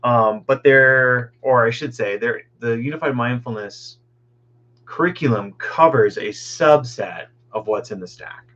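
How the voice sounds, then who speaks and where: Man, unhurried, meandering chat, muffled lo-fi call audio. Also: mid-range voice, a bit bright. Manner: rambling, chatty, greets people by name. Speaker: meditation group host. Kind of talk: casual chat on a live video call. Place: at home.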